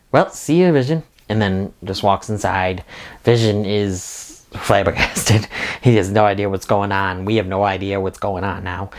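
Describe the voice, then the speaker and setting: A man hosting a casual spoiler recap and review, talking with eager enthusiasm and a lot of "like" fillers. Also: lowish voice. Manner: enthusiastic, rambling with frequent "like". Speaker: video reviewer and host.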